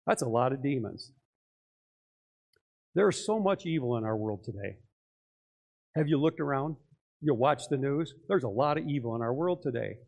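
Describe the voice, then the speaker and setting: A man's voice: medium pitch, animated, moderate pace, gravelly, long pauses, a little mellow. A male pastor preaching a sermon in church, talking conversationally and putting many questions to his listeners.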